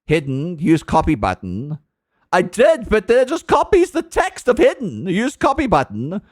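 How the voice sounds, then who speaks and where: A man's voice: wildly swooping pitch, moderate pace, no room sound. Playful man streaming a game. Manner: playful and chatty, baby talk to animals; jokey, sudden high outbursts. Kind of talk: casual live-stream gameplay commentary.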